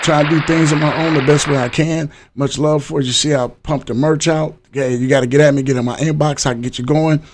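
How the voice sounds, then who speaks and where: Middle-aged male live-podcast host, upbeat and hyped, a touch higher than most men. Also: fairly even intonation, fairly quick, few pauses, a faint crowd. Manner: upbeat hype, shouting out viewers by name. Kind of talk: casual live-stream chat.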